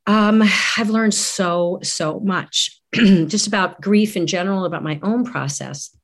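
A woman's voice: medium pitch, unhurried. A middle-aged woman, a guest in conversation, speaking earnestly and reflectively, often restarting her phrases. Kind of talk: candid conversation.

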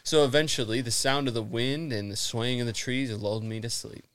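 A man's voice: medium pitch, steady tone, brisk, a bit bright, smooth, no echo. A man co-hosting a casual podcast, reading a story aloud with laughs, swearing and restarts. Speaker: podcast co-host.

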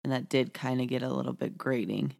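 A woman's voice: a bass voice, steady tone, brisk, creaky, darkish tone. A woman with a Midwestern American accent, co-hosting a podcast in frank, laid-back, rambling casual chat. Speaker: podcast co-host.

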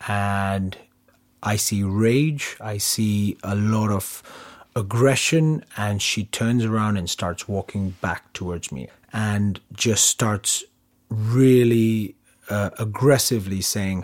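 A man's voice: lowish voice, takes it slowly. A man being interviewed who recalls events vividly and acts out the dialogue as he goes. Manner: vivid retelling, acting out dialogue. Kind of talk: personal recollection in an interview.

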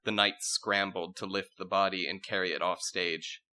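Bright-voiced man narrating a comic tale. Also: deep voice, normal speed. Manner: wry, deadpan narration with frequent laughs. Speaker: narrator and storyteller. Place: podcast recording with friends.

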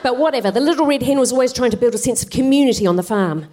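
Woman comic doing a story bit on stage, dry asides, slightly high voice. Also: expressive, very fast, mellow. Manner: wry, self-deprecating asides. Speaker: co-host, stand-up comedian. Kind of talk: comic storytelling to live audience. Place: theatre stage, live audience.

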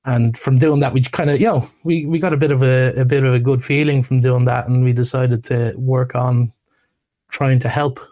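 A man appearing as a podcast guest, talking casually in a relaxed, hesitant way with many ums. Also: mid-range voice, moderate pace, lo-fi sound. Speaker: guest, massage therapist. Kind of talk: casual interview chat.

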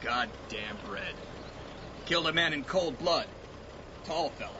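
An actor playing a suspicious, hostile ranch guard hunting a fugitive in a radio drama, with a sneering, interrogating drawl. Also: male voice, fairly high pitch, animated, unhurried. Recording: dull, with clear outdoor hiss.

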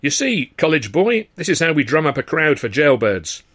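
A man's voice: a little high, big pitch swings, normal speed, a bit bright, pitched above the performer's own voice. A man voicing a brash, scheming music-hall lead comic with a boisterous, wheedling showman's manner. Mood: scheming, jovial.

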